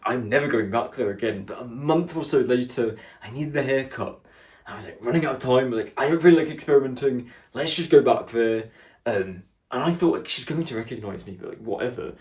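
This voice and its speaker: Animated man telling stand-up stories. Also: medium pitch. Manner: animated, acts out other people's lines in shifting voices. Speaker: stand-up comedian. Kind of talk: stand-up storytelling.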